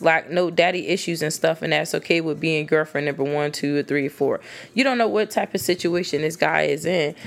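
A woman with a low, gravelly voice rants to the ladies about dating. Her talk is casual, blunt and full of swearing, and it keeps an animated edge as she warns women off bad men. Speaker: dating advice vlogger. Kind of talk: casual advice monologue to women.

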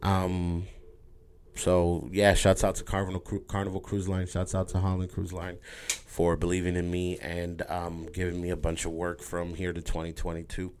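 A man's voice: deep voice, monotone, moderate pace, a little mellow, slight background noise. A man talking candidly to his viewers in a rambling, emotional way, repeating words and swearing casually. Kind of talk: candid personal monologue.

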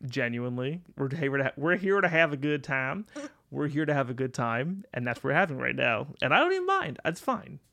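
A man's voice: mid-range voice, fairly quick, gravelly, pushed and bright. A young man co-hosting a podcast, talking in a loose, rambling way, swearing and laughing often. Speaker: podcast co-host. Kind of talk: casual podcast chat.

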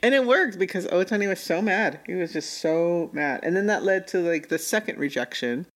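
Chatting casually about an anime she's reviewing, a woman speaks at normal speed in a lowish voice with lively intonation. She laughs a lot and performs lines from the characters as she recaps.

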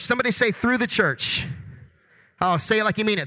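A man preaching a sermon as pastor in a church, energetic and conversational, full of rhetorical questions. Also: high-pitched, moderate pace. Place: church sanctuary.

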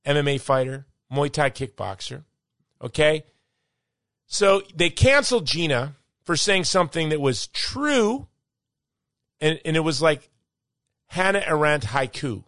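Guy hosting his own podcast, fired up but kinda cheery, bright forceful voice, dry sound. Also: on the high side, lively intonation, measured pace, long pauses, no echo. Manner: emphatic, worked-up yet upbeat. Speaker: podcast host. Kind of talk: opinionated monologue.

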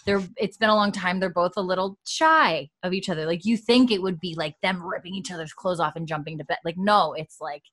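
A woman with a slightly low voice tells a story in relaxed casual chat. She often laughs and acts out what the characters say. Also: fairly quick, hardly any pauses. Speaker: podcast co-host recapping a TV episode.

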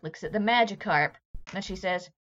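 A woman narrating her character's actions in a tabletop role-play, playful and animated. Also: medium pitch, normal speed, lo-fi sound.

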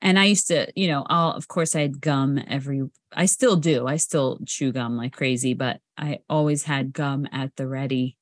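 A woman's voice: rumbling low, steady tone, normal speed, hardly any pauses, dry recording, studio quality. A woman co-hosting a podcast, telling frank, blunt stories in casual chat. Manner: frank, blunt storyteller who swears. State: sober. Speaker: podcast co-host.

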